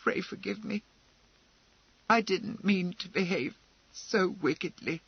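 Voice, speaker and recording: A man's voice: sits high, slow, creaky, slightly rough, no room sound, muffled recording, pitched above the performer's own voice, heavily acted. A man voicing a timid, frightened young woman who stammers and pleads, in an audiobook. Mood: apologetic.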